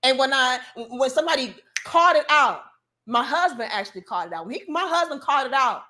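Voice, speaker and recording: Emphatic bright-voiced woman preaching. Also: high-pitched, animated, fairly quick. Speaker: commentary show host. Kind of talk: casual opinion monologue.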